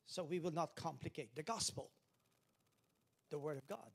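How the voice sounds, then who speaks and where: A male pastor delivers an emphatic sermon, leading the congregation in call-and-response. His voice sits a little high with a husky, breathy edge. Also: normal speed, pauses often, a bit bright.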